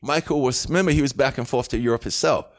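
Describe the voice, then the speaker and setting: A man spins a long story as an interview guest. His voice sits at an everyday middle pitch, but it leaps up whenever he mimics the people in the tale. He tells it in loose, cursing street slang. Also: quick pace. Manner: animated, swings pitch sharply when acting out quotes; casual, profane street slang. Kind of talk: storytelling anecdote.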